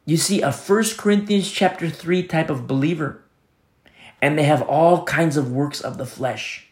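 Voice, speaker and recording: A man's voice: on the high side, unhurried. Earnest preacher man in an echoey room. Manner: earnest, repetitive, often drops to a soft hush. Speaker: pastor. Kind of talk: sermon.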